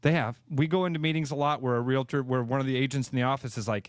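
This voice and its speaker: A man's voice: medium pitch, fast talker, no echo, studio quality. A man co-hosting a radio show, talking casually and emphatically, repeating phrases to drive a point home. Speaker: radio co-host, realtor. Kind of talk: casual sports radio chat.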